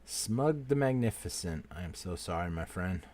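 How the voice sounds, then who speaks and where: Very deep-voiced man hosting a live giveaway. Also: lively intonation, normal speed. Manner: apologetic, repeating "so sorry, my friend" to each name; swings between loud call-outs and quiet asides. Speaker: livestream host running a giveaway. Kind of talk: casual live-stream commentary.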